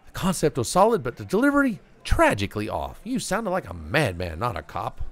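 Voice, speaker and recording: A smug, theatrical inner voice that looks down on its owner, lifted high and swooping, as a man reads it out. A gravelly grain sits under the put-on lift. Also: huge pitch swings, brisk. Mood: condescending. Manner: condescending, theatrical.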